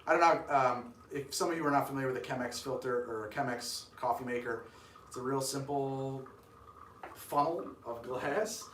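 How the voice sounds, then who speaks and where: A man talks loosely and jokes at his own expense while he works, drifting off into side stories before coming back to the task. He sits at an ordinary middle pitch. His voice carries some room echo and comes from a little way off the mic, with a faint hiss underneath. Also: normal speed, a bit bright, recorded from a distance. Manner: rambling, self-deprecating, joking asides. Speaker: cocktail show host. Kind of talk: casual live-stream chat while making a drink.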